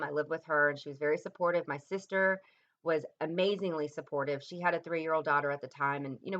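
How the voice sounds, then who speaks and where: A woman in her thirties speaking to camera in a personal vlog, telling a painful story in a halting, reflective way with many pauses and restarts, her voice dropping low and soft at the hardest moments. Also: dull audio. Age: 30s. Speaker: vlogger.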